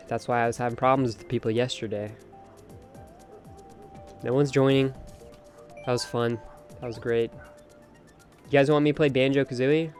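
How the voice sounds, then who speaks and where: A man's voice: mid-range voice, darkish tone. Chatty young man streaming games. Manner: opinionated, talkative, reads chat aloud. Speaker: live-stream host. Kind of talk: casual gaming stream chat. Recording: faint music behind voice.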